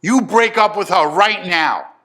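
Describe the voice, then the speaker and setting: A man's voice: high voice, lively intonation, measured pace, bright, forceful tone, pitched above the performer's own voice, exaggerated voice. A man voicing a furious, hot-tempered middle-aged father who barks orders. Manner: barking orders.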